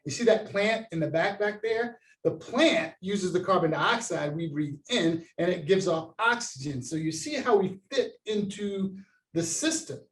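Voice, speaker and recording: Male science educator, high and animated, call-and-response delivery; heard from a distance in a reverberant room. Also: a little slow. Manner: gestures while talking, stands and demonstrates. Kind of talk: interactive kids' science lesson.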